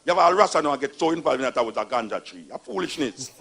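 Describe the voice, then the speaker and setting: A man with a Jamaican accent talks fast, with few pauses, in a fairly high, creaky, slightly rough voice. He delivers an emphatic, animated storytelling monologue about religion, mocking the tales as he retells them.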